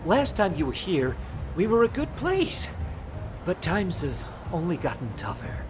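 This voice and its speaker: A man's voice: high-pitched, huge pitch swings, unhurried, background noise, heavily acted. An actor playing a weary middle-aged male bar manager who talks theatrically and confides gossip. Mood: confiding. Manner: theatrical, swinging between gushing and gloomy.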